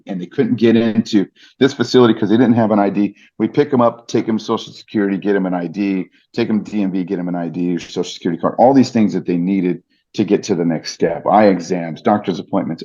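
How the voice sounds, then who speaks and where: Male podcast guest, earnest storyteller, lowish mellow voice, slightly dull lo-fi recording. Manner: earnest, vivid retelling with fillers. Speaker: podcast guest, ring announcer. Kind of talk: personal storytelling.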